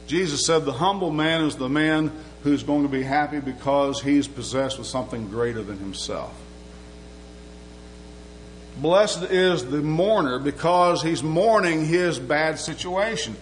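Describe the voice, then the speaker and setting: In a church sanctuary, a male preacher gives a loose, conversational sermon, asking the room questions and joking as he goes. His voice is a little high and a bit bright, with lively intonation and a slightly slow pace. The low-quality recording has a faint hum underneath.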